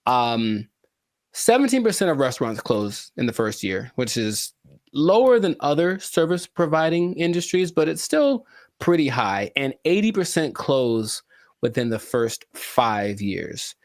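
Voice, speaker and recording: A man hosts a casual podcast with animated, jokey energy and plenty of rambling asides. His voice is mid-pitched. The recording is dry and close, with no room sound. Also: a little slow, dry recording. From California. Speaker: podcast host and musician.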